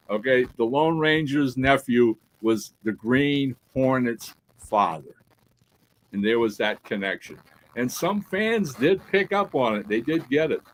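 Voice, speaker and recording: A man in a casual podcast chat, spinning a story with lively energy and a mid-range voice. He keeps checking in with his listener and slips into acted bits of dialogue. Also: medium pitch, slight background noise, poor audio. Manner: animated storyteller who acts out quoted dialogue; peppers talk with "right?" and "all right?". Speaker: podcast co-host.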